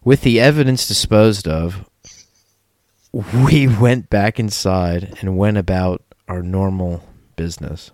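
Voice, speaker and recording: A man's voice: low-pitched, takes it slowly, no room sound, clean studio sound. A man hosting a podcast, reading a listener's letter aloud in a loose, casual chat. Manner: lively, laughing, loose. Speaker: podcast host.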